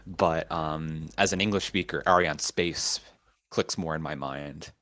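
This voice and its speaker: Casting: male co-host, very deep voice, relaxed explainer. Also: moderate pace. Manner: relaxed, explanatory, many ums. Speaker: co-host, writer. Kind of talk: casual live show chat.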